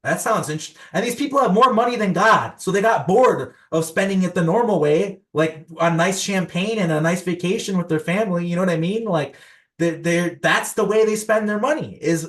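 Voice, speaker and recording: A man's voice: high-pitched, animated, brisk, fairly bright tone. Rambling man telling conspiracy stories. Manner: rambling, filler-heavy, many restarts. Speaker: podcast guest. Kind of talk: casual conspiracy storytelling.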